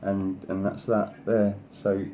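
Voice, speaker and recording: At normal speed, with a darkish tone, little pitch movement and slight background noise, an adult man presents design samples in his craft video. He rambles casually and praises each sample at length, leaning on "you know," and coaxes his pet in a higher voice. His sister is over thirty.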